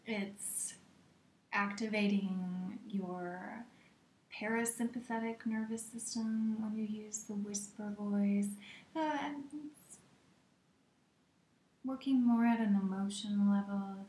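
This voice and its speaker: Slow soft-spoken woman leading a meditation, slips into whispers, roomy echo. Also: mid-range voice, steady tone, a little hiss or hum. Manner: slow, gentle, drops often into a soft breathy whisper. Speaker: meditation teacher. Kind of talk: guided meditation instruction.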